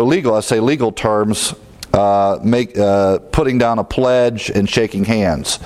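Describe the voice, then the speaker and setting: A man's voice: fairly low pitch, darkish tone. A middle-aged man teaching verse by verse through a Bible book, conversational, with fillers and chuckles.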